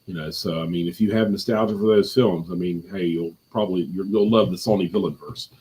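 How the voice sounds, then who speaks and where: Guy with a kinda low raspy voice rambling on a live movie review stream at home, tons of you know and i mean. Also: brisk, mellow. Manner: rambling, heavy on fillers and restarts. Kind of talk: casual live review chat.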